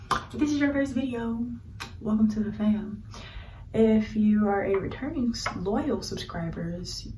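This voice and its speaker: A woman's voice: medium pitch, dark tone, a little hiss or hum. A young woman chats to her camera as she gets ready, gushing and rambling with plenty of slang. She sometimes sinks into a whisper mid-thought. The sound is roomy and a little distant, like a phone propped up across the room. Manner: gushing, chatty, frequent fillers and slang; drops to a whisper while doing makeup. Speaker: vlogger. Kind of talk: casual get-ready-with-me vlog. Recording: roomy, slightly distant home recording.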